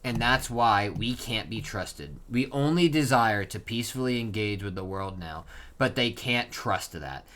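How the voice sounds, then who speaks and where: A man reading out a stern, remorseful giant king from a comic, speaking slowly and solemnly. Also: lowish voice, expressive, a bit bright, a little hiss or hum. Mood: grim.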